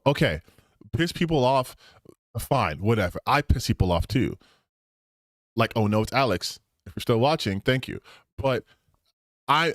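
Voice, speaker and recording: A man streaming reaction commentary from a home setup, animated and exasperated, swearing a lot. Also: medium pitch, dry recording, studio quality.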